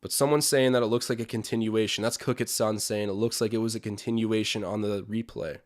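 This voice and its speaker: A man's voice: fairly low pitch, fairly even intonation, fairly quick. A young man hosting a live-stream watch-along, chatting opinions, calling plays and reading out viewer comments.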